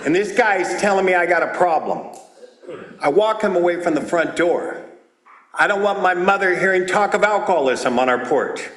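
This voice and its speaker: High, animated man in a roomy hall. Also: normal speed. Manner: loud, animated storytelling with voiced characters. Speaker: speaker at a twelve-step meeting. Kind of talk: comedic recovery talk. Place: meeting hall. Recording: roomy hall with audience laughter.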